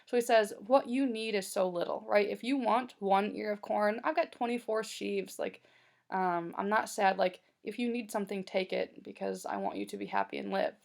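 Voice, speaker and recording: A woman's voice: mid-range voice, fairly even intonation, normal speed, vocal fry. A young adult woman teacher giving a recorded lesson, explaining casually with many fillers.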